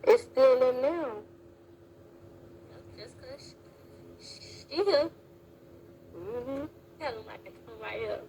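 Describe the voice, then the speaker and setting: A woman's voice: high voice, takes it slowly, pauses often, dark tone, a little hiss or hum, rough recording. A woman in casual live-stream chat, talking loosely and slangily straight to her viewers.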